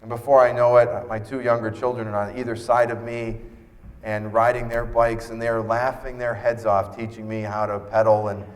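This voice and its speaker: A man giving an earnest personal storytelling talk as a keynote speaker at an expo, acting out dialogue in lively voices. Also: mid-range voice, moderate pace, big-room sound. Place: expo stage.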